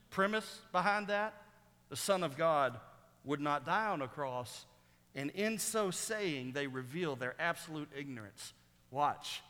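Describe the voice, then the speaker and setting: Pastor guy preaching, bright kinda high voice, gets loud on the verses, long reverb like a big hall. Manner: preaching that rises loud and high on quoted scripture. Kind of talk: sermon.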